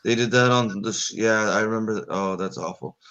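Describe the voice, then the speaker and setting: A man's voice: fairly low pitch, brisk, a bit bright. A man co-hosting a live wrestling watch party, chatting in an easygoing, rambling way. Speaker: co-host. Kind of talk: casual live-stream chat.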